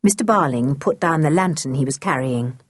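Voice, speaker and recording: A woman narrating a children's adventure audiobook in an expressive, unhurried manner. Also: deep voice, no echo. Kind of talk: storybook narration.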